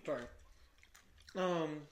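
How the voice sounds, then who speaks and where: A young man co-hosting a podcast in casual chat, excitable and eager, who repeats his questions. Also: fairly high pitch, extremely slow. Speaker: podcast co-host. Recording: roomy echo.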